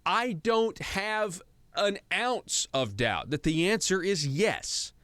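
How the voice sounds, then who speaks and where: A man's voice: high voice, expressive, slow pace, fairly bright tone, no room sound. A man from Arkansas hosting a political talk radio show, chatty and growing heated and emphatic, in a studio. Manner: conversational, grows heated and emphatic.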